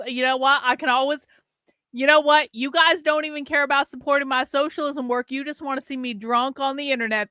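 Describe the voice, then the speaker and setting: Having had a few beers, this livestream host curses, ribs her audience and drops into a fake Southern drawl now and then. She has a high, sharp, clean voice, captured dry with clean studio sound.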